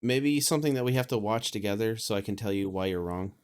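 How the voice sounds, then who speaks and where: A man's voice: on the low side, quick pace, clear, resonant tone. A man co-hosting a live stream, chatting casually about movies in an easygoing, teasing way. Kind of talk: casual chat.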